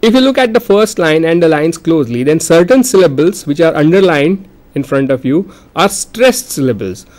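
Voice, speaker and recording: Man giving a slow poetry lecture. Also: fairly high pitch, lively intonation, a little mellow. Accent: Indian English. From India. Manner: explains slowly, repeats and restarts words. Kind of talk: recorded classroom lecture.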